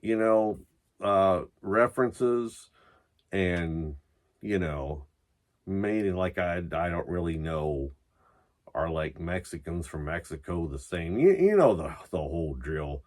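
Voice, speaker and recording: A man vlogging about metal while drunk and high, rambling loosely and swearing as he talks. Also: expressive, slow pace, a little mellow. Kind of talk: rambling casual vlog.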